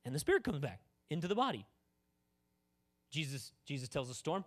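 Animated, casual preaching man. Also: on the high side, a little fast, pauses often. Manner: casual, joking preaching full of asides. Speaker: pastor. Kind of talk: sermon.

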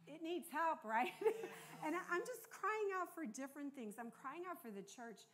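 A woman's voice: high-pitched, expressive, normal speed, fairly bright tone. An older American woman preaching a sermon in a conversational, earnest way, often checking in with the congregation. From United States.

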